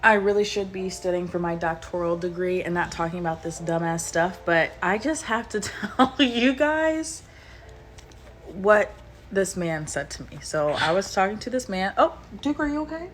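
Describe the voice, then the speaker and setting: A woman with a lower voice chatting casually to camera, wandering off topic easily. Her tone is relaxed and conversational. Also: normal speed. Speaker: doctoral student. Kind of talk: casual storytime.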